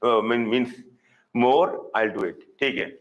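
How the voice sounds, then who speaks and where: A man with an Indian English accent teaching a live online zoology class, repeating key terms slowly for students. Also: mid-range voice, poor audio.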